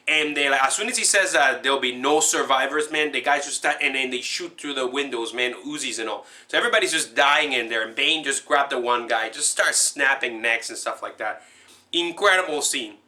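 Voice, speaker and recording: A man excitedly recapping a movie scene in a rambling, casual way, full of fillers and restarts. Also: medium pitch. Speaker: movie fan recapping a film.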